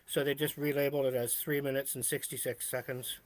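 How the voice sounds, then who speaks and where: A man's voice: mid-range voice, level tone, a little fast. A man in casual chat with friends, telling a rambling story with lots of fillers. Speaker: show co-host.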